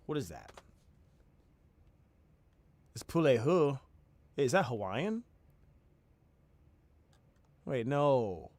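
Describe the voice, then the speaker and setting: Man reacting to a clip, animated pitch swings, dry close sound, incredulous and stammering. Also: drawn-out words, long pauses, no echo. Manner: incredulous, stammering, bursts of laughter and shouting. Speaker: voice actor reacting to a video. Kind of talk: casual reaction commentary.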